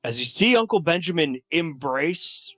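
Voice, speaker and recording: A man's voice: on the high side, lively intonation, unhurried, fairly bright tone, dry recording, soft background music. Rambling man running a tabletop game. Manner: loose and rambling with many fillers. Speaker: game master.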